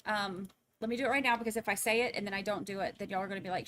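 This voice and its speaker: A woman's voice: mid-range voice, steady tone, rapid-fire, fairly bright tone. A woman hosting a livestream, chatting casually and rambling as she signs off to her viewers. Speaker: livestream trial commentator. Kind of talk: casual livestream sign-off chat.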